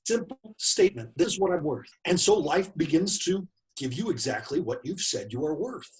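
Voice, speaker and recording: A man's voice: on the high side, animated, normal speed, poor audio. A man in his late forties giving a personal motivational talk, emphatic and fond of repeating key phrases. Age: late 40s. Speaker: motivational speaker.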